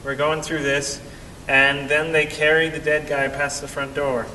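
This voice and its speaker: A young man telling a story in an animated way, acting out the voices of the people in it. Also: unhurried. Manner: animated, acts out quoted voices. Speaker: vlogger. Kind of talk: storytelling vlog. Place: cave. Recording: echoey cave, distant mic, faint rumble.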